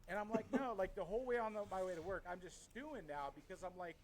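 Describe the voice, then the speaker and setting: A middle-aged man from Washington State telling a story in a casual podcast chat, heated, swearing often, and animated. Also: sits high, quick pace, slight background noise, low-quality recording. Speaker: podcast co-host.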